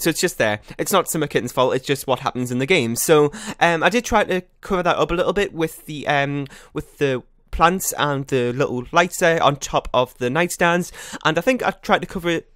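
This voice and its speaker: A man's voice: a little high, a little fast, a bit bright, no echo, clean studio sound. A man hosting a gaming channel, chatting casually over his gameplay, rambling and correcting himself as he goes. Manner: rambling, self-correcting, laughs at own slips. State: a bit out of breath.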